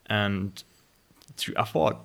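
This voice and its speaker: A man with a German accent and a lowish voice hosts a relaxed podcast conversation. He talks haltingly, with lots of fillers and restarts as he works out his questions. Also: gravelly. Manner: hesitant, many fillers and restarts.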